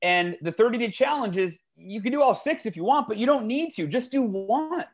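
Animated man telling stories. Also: fairly quick. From United States. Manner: animated storytelling with big pitch swings. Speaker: guest author. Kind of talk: conversational podcast interview.

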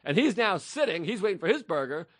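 A man's voice: high voice, fast talker, no room sound. A man in his thirties, a podcast co-host, telling a story in casual chat and acting out voices, on a close mic. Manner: animated storyteller, acts out loud voices in quotes.

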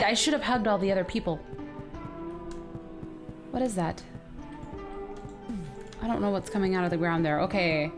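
A woman hosting a let's play, chatting excitedly and often sounding confused as she plays. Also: mid-range voice, normal speed, pauses often, faint music behind. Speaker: gaming video host.

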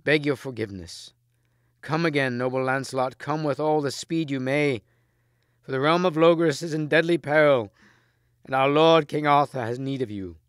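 A man voicing a dying knight, full of remorse and passion, speaking raised and slow. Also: medium pitch, dry recording, clean studio sound, pitched above the performer's own voice, lightly acted. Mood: urgent.

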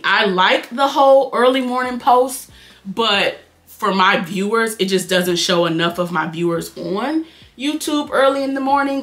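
A young woman with a nasal Detroit accent chatting fast and casually to her viewers while doing her makeup at home. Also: medium pitch, a bit bright. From Detroit, Michigan. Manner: fast-talking, chatty, addresses viewers as y'all. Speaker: beauty vlogger.

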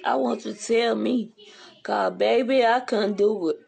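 A woman's voice: fairly high pitch, steady tone, a little slow, creaky, darkish tone, husky. A woman ranting bluntly and profanely in a casual livestream, rambling from one complaint to the next.

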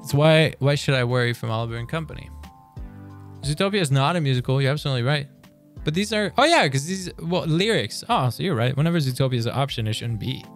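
A man streaming live and chatting casually through a quiz, excitable and quick to swear as he reads lyrics aloud. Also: medium pitch, faint music behind.

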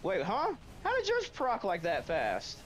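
Excitable high-voiced gamer guy, yelling. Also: a little slow, slight background noise. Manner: excitable, yelling and swearing at the game. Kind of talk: casual co-op gaming chat. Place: room at home.

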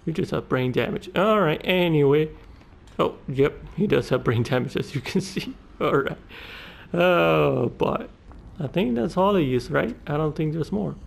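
A man's voice: on the high side, expressive, measured pace, vocal fry. A man giving profane, exclamatory commentary while playing a video game. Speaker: gaming YouTuber. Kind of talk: let's play commentary. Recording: game music playing behind the voice.

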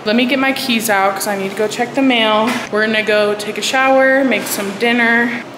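A young woman vlogger, out of breath after a workout, chats candidly and loosely in her personal vlog, swearing now and then. Her voice is a little high, her tone steady, and her speed normal, with noise in the background.

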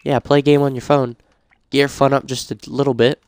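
Game commentator, male, mid pitch, smooth clear voice, dry close mic, chatty and prone to frantic outbursts. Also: little pitch movement, a little fast, dry recording. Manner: reads game prompts aloud, grows frantic and shouty. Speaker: gaming YouTuber. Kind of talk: casual let's-play commentary.

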